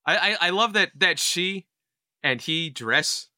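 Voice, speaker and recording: A man's voice: sits high, animated, slow, pushed and bright, no echo. A man co-hosting a podcast, making dry wisecracks while chatting casually about a horror movie. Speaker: podcast co-host. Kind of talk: casual movie review chat.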